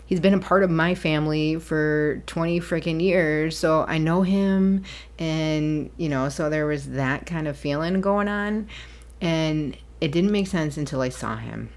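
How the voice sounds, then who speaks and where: Woman, low voice, solo podcast host, rambling and chatty, laughs easily. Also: measured pace. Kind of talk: casual solo podcast monologue.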